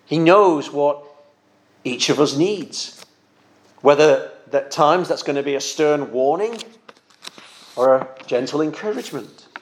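A man with a slightly higher-than-usual voice, preaching a sermon. He speaks earnestly and gently, like a pastor encouraging his congregation, now and then doubling a word as he thinks. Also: lively intonation, measured pace, long pauses.

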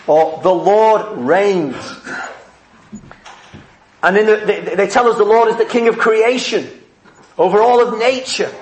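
A man's voice: high voice, echoey room. A man preaching a heartfelt, earnest sermon.

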